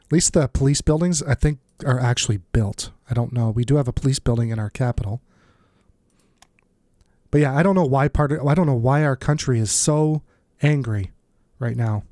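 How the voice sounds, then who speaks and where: A man's voice: mid-range voice, moderate pace, warm tone, no room sound, studio quality. A man with a stuffed-up nose giving casual, think-aloud commentary while playing a strategy game as the channel's host. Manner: thinks aloud, muttering asides. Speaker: let's play host.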